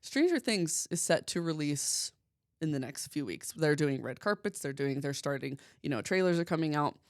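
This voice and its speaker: Podcast host, woman, low voice, gushing casual chatter, dry close mic. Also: lively intonation, no room sound. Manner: gushing, chatty, quick asides. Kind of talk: casual chat.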